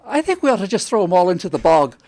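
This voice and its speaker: A man's voice: high voice, very animated, fast, warm tone, no room sound. A man hosting a commentary show, chatting in a wry, joking way and often restarting his sentences. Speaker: show host. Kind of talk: commentary and studio banter.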